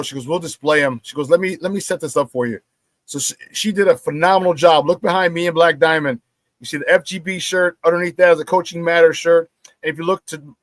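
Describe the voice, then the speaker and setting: A lively male sports talk host with a fairly high voice, recorded dry and close. He tells stories casually and animatedly, and acts out the quotes. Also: no room sound.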